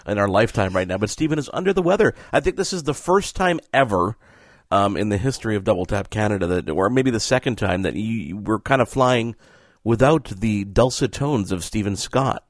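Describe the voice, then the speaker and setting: A man's voice: lowish voice, animated, fairly quick, no room sound, clean studio sound. A man filling in as host of a casual podcast, joking about himself and laughing often. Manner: playful, self-mocking, laughs often.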